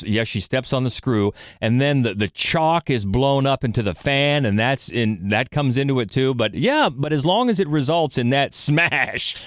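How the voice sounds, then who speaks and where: A man co-hosting a podcast in relaxed, conversational chat, chuckling along. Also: medium pitch, no echo, studio quality. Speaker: podcast co-host.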